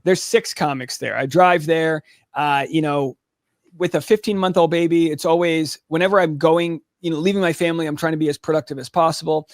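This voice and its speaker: High-voiced man telling stories animatedly. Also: dry recording, clean studio sound. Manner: animated storyteller, quick restarts and asides. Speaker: comedian and podcaster, guest. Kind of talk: casual interview storytelling.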